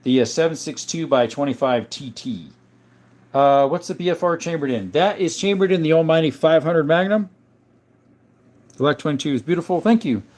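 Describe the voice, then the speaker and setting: A man hosting a live stream in a casual chat style, reading out viewer comments and answering them in a relaxed, easygoing way. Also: on the high side, moderate pace. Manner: relaxed, with frequent uh and um.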